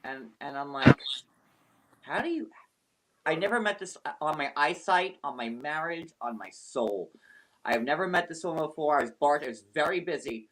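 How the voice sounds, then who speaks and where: A man hosting a live stream, telling a personal story in an animated, emphatic way with some swearing. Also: fairly high pitch, brisk. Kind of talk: casual storytelling.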